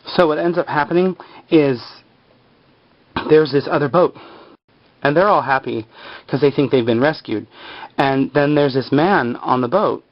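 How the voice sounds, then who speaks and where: A man's voice: a little high, measured pace, long pauses. A man casually retelling a TV episode, rambling with lots of filler words. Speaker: episode recapper. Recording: slightly muffled lo-fi recording.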